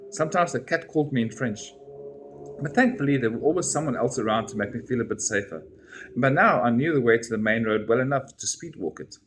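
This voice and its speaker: A man reading a first-person story aloud in an expressive way. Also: medium pitch, fast, a little hiss or hum. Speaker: reader.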